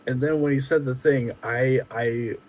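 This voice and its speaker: A man co-hosting a podcast, chatting casually and telling stories excitedly. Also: mid-range voice, measured pace, a little hiss or hum, low-quality recording. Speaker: podcast co-host. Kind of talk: casual chat.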